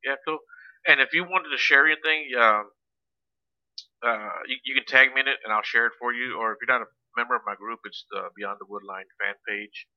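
A man's voice: mid-range voice, brisk, dry recording. A man hosting a casual interview, making brief, offhand remarks. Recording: dull, distant lo-fi audio.

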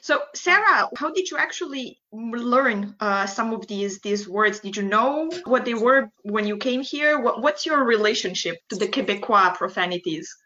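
A woman's voice: a little high, animated, moderate pace, few pauses, pushed and bright. A woman hosting a podcast interview, asking curious questions. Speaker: host. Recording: dull lo-fi audio.

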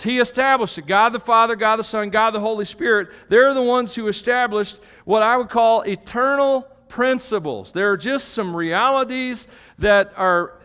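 High-voiced preacher in a reverberant hall. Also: male voice, fairly bright tone, clear, resonant tone. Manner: emphatic, tags points with "okay?", joking asides. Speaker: pastor. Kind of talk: live sermon. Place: church hall with an audience. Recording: long reverb of a church hall.

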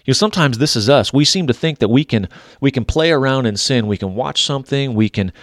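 A man's voice: medium pitch, animated, fast talker, no echo, studio quality. A man preaching on a devotional podcast, earnest and exhorting, often restarting his sentences.

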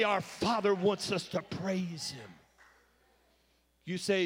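A man's voice: high-pitched, takes it slowly, a bit bright. A man preaching a sermon as pastor, quoting scripture with rising intensity. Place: church sanctuary. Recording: long reverb of a church hall.

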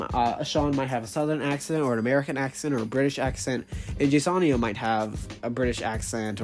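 A person at an ordinary middle pitch talking off the cuff about characters they made. They ramble, stumble over fillers and restart sentences, and they swear casually. Soft music plays faintly underneath. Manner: rambling, with many fillers and self-corrections. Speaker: creator explaining their own characters. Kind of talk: casual unscripted talk.

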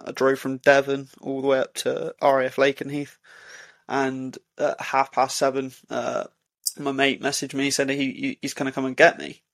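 A man, a podcast co-host, telling a story in casual chat, halting with many fillers and restarts. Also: medium pitch, vocal fry. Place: indoor recording for podcast.

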